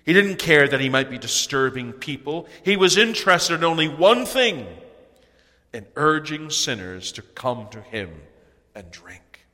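A man preaching a sermon in an earnest way, his voice swelling to loud cries on key phrases. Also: a little high, very animated, unhurried. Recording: long hall reverb.

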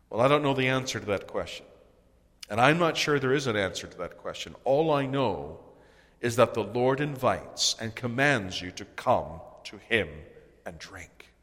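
A man preaching a sermon in an earnest way, his voice swelling to loud cries on key phrases. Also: mid-range voice. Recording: long hall reverb.

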